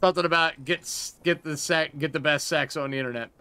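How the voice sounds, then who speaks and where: A man hosting a casual live-stream of a game, excitable, swearing often and laughing a lot. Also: on the high side, quick pace, clear, resonant tone. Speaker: streamer host.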